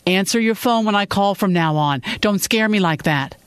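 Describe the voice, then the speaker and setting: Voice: medium pitch, moderate pace, clear, resonant tone, no room sound, pitched above the performer's own voice, natural voice. A narrator voicing a worried, insistent middle-aged mother who fusses and gives orders. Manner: fussing, insistent. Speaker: character in a read story.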